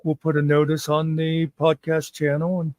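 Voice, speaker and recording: A man's voice: fairly high pitch, monotone, moderate pace, darkish tone, no echo. A man co-hosting a casual chat, teasing with dry humor. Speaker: co-host. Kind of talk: casual banter.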